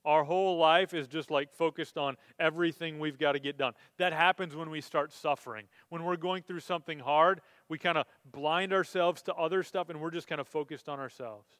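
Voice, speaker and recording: A man's voice: on the high side, a little fast, few pauses, fairly bright tone, no room sound. A male pastor preaching a sermon in a conversational way, building to emphatic, impassioned stretches.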